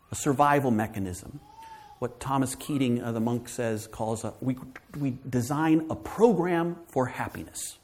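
A man giving a sermon as a guest speaker at a church, telling stories in an animated way, acting out quoted voices and often asking "right?". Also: medium pitch.

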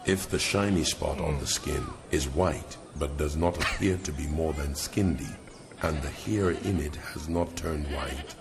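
A man's voice: a bass voice, a little slow, background noise. A man reading scripture aloud in a solemn, austere manner from an audio production. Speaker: Bible audio reader.

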